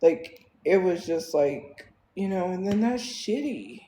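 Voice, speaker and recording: A woman's voice: fairly low pitch, animated, slow pace, dark tone, roomy sound, slight background noise, poor audio. A woman livestreaming, venting in a casual, exasperated way with lots of fillers.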